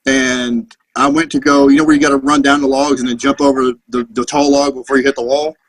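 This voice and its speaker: A Marine veteran in his thirties appears as a podcast guest, telling profane, rambling anecdotes in casual conversation. His mid-range voice is level-toned and brisk, in a dry recording with poor audio.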